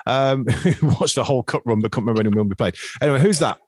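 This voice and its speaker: A man's voice: mid-range voice, quick pace, darkish tone, breathy edge, no room sound, clean studio sound. A man hosting a casual quiz podcast over a video call, chatty and teasing as he rambles on. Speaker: quiz host.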